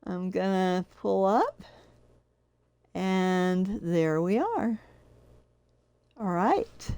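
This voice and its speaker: Older lady streaming a car game, slow talker, bouncy voice that jumps all over, keeps giggling. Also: mid-range voice, animated, warm tone, clear, resonant tone, no echo. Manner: chatty, giggles often. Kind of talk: casual live-stream commentary.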